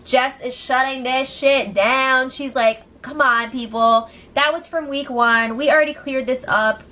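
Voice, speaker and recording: A woman recapping a reality show in casual chat, animated, laughing often and acting out what people said. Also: high-pitched, unhurried. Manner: animated, laughing, acts out quotes, swears. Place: room at home.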